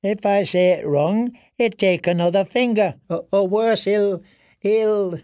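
A man voicing a starved, broken male prisoner who whimpers and begs in a thin, weak, squeaking voice, stammering with terror. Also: fairly even intonation, drawn-out words, a little mellow, no echo, clean studio sound, heavily acted. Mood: whimpering, pleading.

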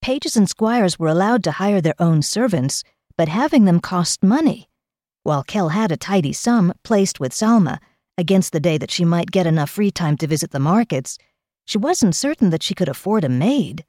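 Lower-voiced woman reading a novel. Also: animated, mellow, dry recording, clean studio sound. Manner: measured storybook reading. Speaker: audiobook narrator. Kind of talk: scripted narration.

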